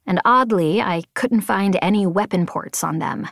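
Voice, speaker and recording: A woman reading a novel aloud in the first person, with expressive, tense storytelling. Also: medium pitch, normal speed, vocal fry, no echo, clean studio sound. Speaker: audiobook narrator.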